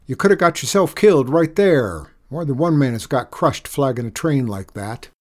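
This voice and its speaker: A man reading a story, voicing a burly, gruff train engineer who bellows. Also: mid-range voice, normal speed, warm tone, lightly acted. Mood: bellowing.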